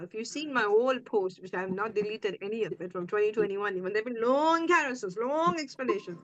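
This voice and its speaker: High-voiced blunt woman host. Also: a little fast, highs cut off, a crowd in the background. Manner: blunt, animated, acts out quoted dialogue. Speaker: podcast host and coach. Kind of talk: candid conversational chat.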